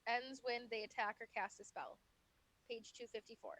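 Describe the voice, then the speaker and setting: High, bright woman joking at a game table. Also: normal speed. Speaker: player.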